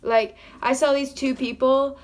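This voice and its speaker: Excitable woman vlogger, slightly high voice. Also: a little slow. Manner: excited rambling storytelling, many "like"s and "oh my gosh"; acts out quoted lines in her own voice. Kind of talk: casual storytime vlog.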